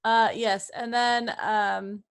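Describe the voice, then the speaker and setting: A woman's voice: medium pitch, fairly even intonation, takes it slowly, clean tone. Woman player thinking aloud. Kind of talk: casual tabletop game chat.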